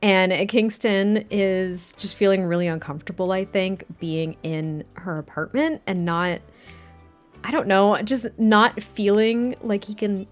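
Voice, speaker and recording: A woman's voice: medium pitch, steady tone, measured pace. Woman rambling and giggling over her sims gameplay, faint music behind. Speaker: life-sim game YouTuber. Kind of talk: casual gameplay narration. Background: faint background music.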